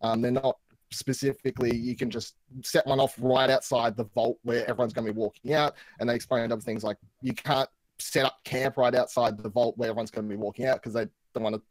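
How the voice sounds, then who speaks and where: A man talking as a guest on a casual panel chat, rambling and thinking out loud as he goes. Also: mid-range voice, steady tone, a little fast, dry recording, poor audio.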